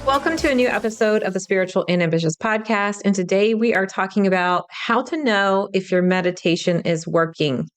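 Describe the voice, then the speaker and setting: A woman with a smooth, medium-pitched voice hosts a solo spiritual podcast as a spiritual teacher. Her casual talk is chatty and reassuring, addressed directly to the listener.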